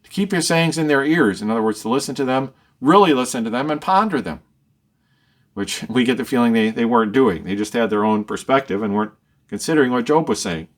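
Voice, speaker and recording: A man's voice: medium pitch, lively intonation, brisk. A man leading a verse-by-verse Bible study, reading each verse and then explaining and rephrasing it. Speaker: Bible teacher.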